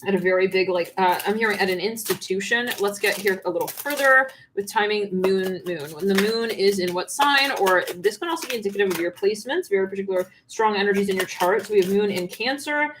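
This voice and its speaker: A woman's voice: medium pitch, fast, noisy background. A woman giving a channeled tarot reading on a livestream, rambling and laughing often. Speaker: tarot reader.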